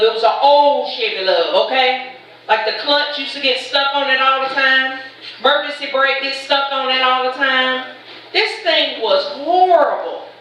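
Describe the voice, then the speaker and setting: A middle-aged woman doing live stand-up comedy. She tells chatty stories and teases the crowd with quick asides. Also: high voice, sharp tone. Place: large event shed with a live audience. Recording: echoey hall, voice from far off.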